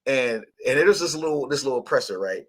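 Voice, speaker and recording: A man's voice: mid-range voice, animated, fast talker. A man hosting a radio show, teaching scripture in casual talk, blunt and profane, laughing often.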